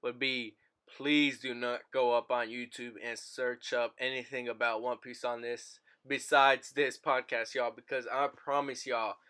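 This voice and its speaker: Young man, podcast host, bright tone, crisp voice, relaxed slangy chat. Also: mid-range voice, unhurried. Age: young adult. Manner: laid-back slangy, addresses listeners directly.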